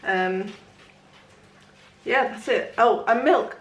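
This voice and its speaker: A young woman, chatting casually in a home kitchen while filming a relaxed day-in-the-life vlog, rambling with frequent ums and little laughs. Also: medium pitch, normal speed. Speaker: vlogger.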